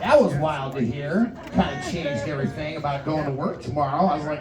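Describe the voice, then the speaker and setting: A man hosting a comedy night in a bar, working the crowd with loud, hyped banter. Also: fairly high pitch, brisk, few pauses. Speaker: comedy show host. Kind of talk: stand-up emcee banter. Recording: roomy live bar, distant mic, crowd.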